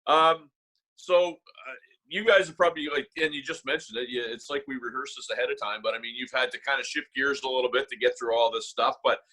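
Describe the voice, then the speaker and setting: A man's voice: medium pitch, quick pace, sharp tone, slightly rough, poor audio. A man co-hosting a podcast, chatting casually and enthusiastically with his guest. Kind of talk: casual chat.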